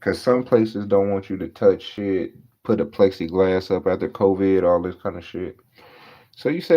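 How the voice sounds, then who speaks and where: A man with a somewhat low voice rants casually, swearing freely and leaning on slang as he tells exasperated stories. The sound is dull and lo-fi, as if through a cheap recorder. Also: moderate pace. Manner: profane, exasperated, storytelling with slang. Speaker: podcast host. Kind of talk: casual ranting monologue.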